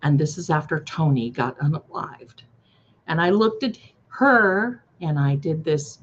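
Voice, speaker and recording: A woman's voice: low-pitched, animated, unhurried, highs cut off. A woman hosting a tarot live stream, chatting casually in an effusive, gushing way.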